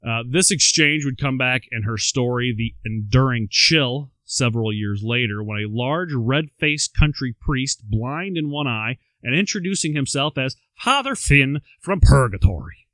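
A man's voice: medium pitch, unhurried, hardly any pauses, sharp tone, dry recording. A man co-hosting a podcast, telling a life story and reading quotes aloud, with wry asides between them. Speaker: podcast co-host. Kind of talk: storytelling chat.

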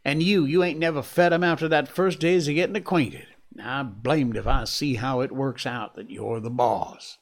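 A man with a slow gravelly voice reading the lines of a blunt frontier dog musher who talks in rough backwoods dialect. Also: mid-range voice, steady tone, close to an everyday voice. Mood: gruff.

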